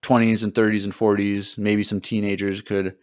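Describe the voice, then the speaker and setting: Young man, low smooth voice, rambling. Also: flat delivery, normal speed, darkish tone. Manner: rambling, acts out quotes with a jump in pitch. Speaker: podcast co-host. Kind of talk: casual chat.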